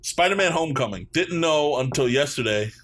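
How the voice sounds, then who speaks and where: A man's voice: on the high side, lively intonation, a little fast, a bit bright. A man from Canada hosting a podcast, swearing freely and rambling through his opinions in casual chat. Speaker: podcast host.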